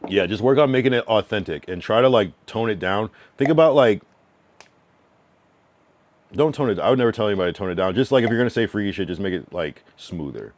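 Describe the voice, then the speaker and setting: This frank, loose streamer from New England, US, has a deep, slightly mellow voice with lively intonation and no echo. Chatting casually, he reads out his chat's messages and gives feedback, drifting into long, slangy musings packed with fillers.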